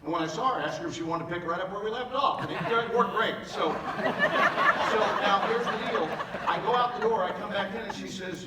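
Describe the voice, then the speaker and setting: Animated older man speaking in an echoing hall. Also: sits high, fairly quick. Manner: animated, playful, jokey with bursts of emphasis. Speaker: motivational speaker. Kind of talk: live motivational talk with comic storytelling. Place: large event hall before a live audience. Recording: echoey hall, from far off, with noise.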